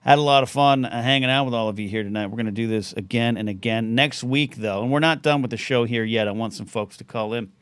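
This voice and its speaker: A man's voice: medium pitch, fast, few pauses, a bit bright, smooth, no room sound. A man hosting a live call-in talk show, rambling casually and often restarting his sentences. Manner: rambling, self-interrupting. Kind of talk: casual livestream chat.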